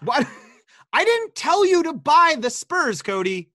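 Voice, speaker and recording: Young man from the Midwest, podcast co-host, lively swinging pitch, bright voice, dry close sound, joking and profane. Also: takes it slowly, no room sound. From American Midwest. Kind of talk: casual banter.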